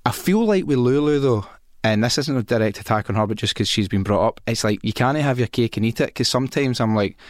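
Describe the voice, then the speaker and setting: A man's voice: medium pitch, animated, fast talker, dry recording, clean studio sound. A Scottish man hosting a podcast, talking frankly and chattily and thinking aloud as he interviews his guest. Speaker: podcast host. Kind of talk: casual podcast chat.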